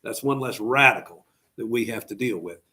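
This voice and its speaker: Speaking at normal speed in a lowish voice with a bright, forceful tone, a middle-aged man teaches a history class. He keeps it conversational, poses rhetorical questions, and instructs students on what to note down.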